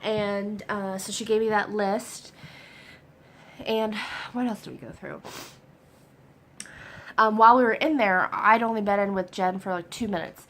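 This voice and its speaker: A young adult woman chatting excitedly in a personal vlog update, a little hoarse from a cold, with lots of fillers. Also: mid-range voice, unhurried, long pauses. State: getting over a cold. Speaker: vlogger.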